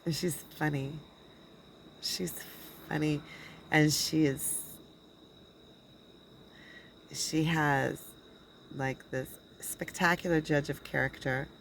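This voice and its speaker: Rambling low-voiced woman talking to camera. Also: fairly even intonation, gravelly, a little hiss or hum, poor audio. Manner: rambling, halting, with many restarts and quoted dialogue. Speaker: spiritual channeler and video blogger. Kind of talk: casual personal monologue.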